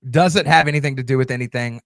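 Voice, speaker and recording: A man's voice: on the high side, a bit bright, dry recording, studio quality. A man hosting a TV show review channel, casually answering viewer comments with lots of fillers and restarts. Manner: loose, chatty, many fillers and restarts.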